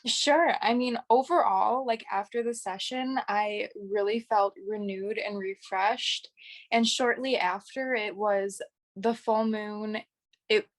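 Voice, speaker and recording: A woman in her twenties, a guest in a casual interview, talking in a gushing way and saying "like" a lot. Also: medium pitch. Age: 20s. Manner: gushing, says "like" often. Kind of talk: casual chat.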